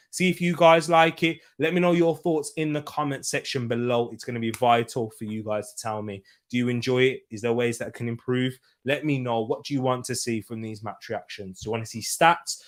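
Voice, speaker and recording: Give me a young man of medium pitch hosting a casual, jokey football reaction chat. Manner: chatty and jokey, reads out viewer comments. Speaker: football channel host.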